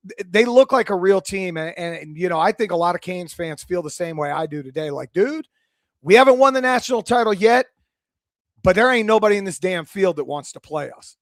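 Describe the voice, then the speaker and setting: Fired-up high-voiced radio host. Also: male voice, animated, brisk, no echo, clean studio sound. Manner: passionate, fired-up, swearing. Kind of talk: excited sports radio talk.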